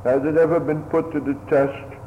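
A man's voice: a little high, little pitch movement, moderate pace, slight background noise. A man preaching a solemn, old-fashioned sermon to his hearers. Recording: phone-like radio broadcast in a reverberant hall.

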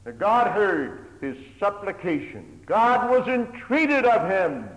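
A man preaches a sermon in a long-echoing hall, his voice rising and falling with lively swings of pitch. He moves from loud, pleading passages to hushed, almost whispered ones. His pulpit phrasing is old-fashioned and earnest, and he keeps addressing the congregation as "my hearers". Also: takes it slowly, few pauses. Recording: echoey hall, long reverb.

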